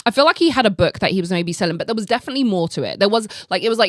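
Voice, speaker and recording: A woman hosting a podcast, telling a story in a casual, animated way, full of "like" and acted-out reactions, with some casual swearing. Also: medium pitch, fast, hardly any pauses, dry recording, studio quality. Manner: animated, heavy use of "like", acts out her own reactions. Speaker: podcast host.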